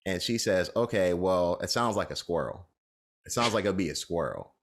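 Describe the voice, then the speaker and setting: Man, very deep voice, podcast co-host, casual rambling storytelling. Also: animated, moderate pace. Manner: rambling anecdote with fillers like "da, da, da".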